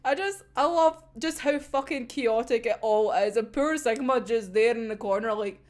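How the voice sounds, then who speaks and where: A woman's voice: a little high, normal speed. A young woman gushing over an anime episode. She rambles, swears freely and keeps breaking into laughter. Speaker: anime reviewer. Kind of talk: excited episode discussion.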